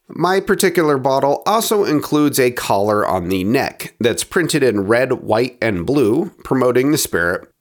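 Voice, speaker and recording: A man hosting a spirits review podcast, reading his notes in a steady, descriptive way. His pitch moves up and down a lot as he talks. Now and then he drops into soft, low asides. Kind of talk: scripted review narration.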